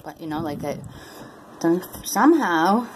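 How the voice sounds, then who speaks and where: A woman vlogging in a loose, rambling way, full of fillers, her speech shaped by brand-new dentures. Her voice sits a little low. A steady background noise runs under the recording. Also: a little slow. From Maine, USA. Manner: rambling and chatty, with many fillers. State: talking around brand-new dentures after tooth extractions. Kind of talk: casual chat to camera.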